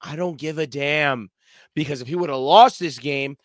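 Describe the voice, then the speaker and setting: A man co-hosting a sports podcast in casual chat, animated and boisterous, swearing and acting out plays with sound effects. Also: a little high, normal speed, no room sound. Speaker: podcast co-host.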